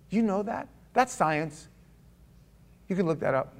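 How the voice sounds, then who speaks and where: A pastor preaching a sermon, swinging from loud emphatic lines to quiet asides, with chatty restarts and stammers. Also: male voice, sits high, expressive, measured pace, pauses often.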